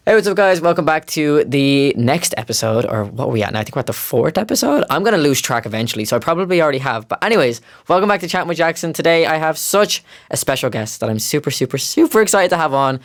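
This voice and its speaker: A man's voice: fairly high pitch, very animated. Chatty young man hosting a podcast. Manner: chatty, giggly, quick asides. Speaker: podcast host. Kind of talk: casual chat.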